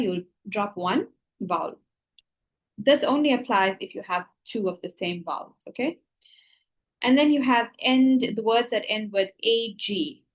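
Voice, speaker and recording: A woman's voice: medium pitch, low-quality recording. Woman, teacher, patient, step-by-step grammar lesson, checks understanding often. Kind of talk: explaining grammar rules to students.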